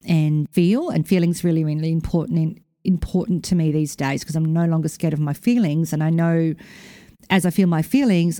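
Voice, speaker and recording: Aussie woman podcasting, chatty storyteller, lowish mellow voice, dry close mic. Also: no echo. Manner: chatty, animated storytelling with playful voiced quotes. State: recovering from concussion. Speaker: podcast host. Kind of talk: casual storytelling monologue.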